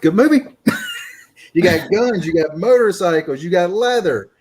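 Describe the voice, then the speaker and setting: A man from Virginia joins a casual movie review over a video call as a guest. His somewhat high voice swings widely in pitch. His take is enthusiastic and jokey. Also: lively intonation, a little slow, a little mellow, breathy edge. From Virginia, USA.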